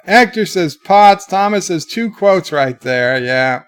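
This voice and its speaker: Streaming casually from his bedroom, a man reads viewers' comments aloud in a livelier voice, then answers them in a lower, quieter tone. He is expressive and smooth, speaking at a slow pace.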